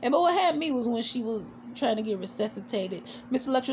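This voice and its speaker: A woman's voice: on the high side, a little fast, few pauses, a little mellow, a little hiss or hum. Chatty, sassy woman recapping a show. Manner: chatty, full of "you know" and fillers; sassy, opinionated asides. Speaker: TV show reviewer. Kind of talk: casual episode recap vlog.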